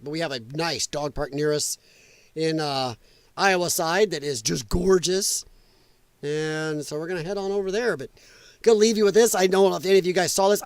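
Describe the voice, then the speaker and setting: Blunt high-voiced man streaming. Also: dry recording. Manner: loose, blunt, laughs at clips. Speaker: livestream host. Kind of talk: casual livestream commentary.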